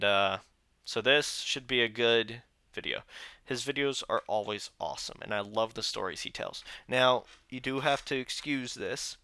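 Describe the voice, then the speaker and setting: A man's voice: mid-range voice, vocal fry, bright, forceful tone, clean tone, no echo. Tired, grumbling young man vlogging. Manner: weary and grumbling, venting frustration. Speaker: reaction channel host. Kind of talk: casual vlog chat to camera. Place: indoor room, seated. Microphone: phone camera.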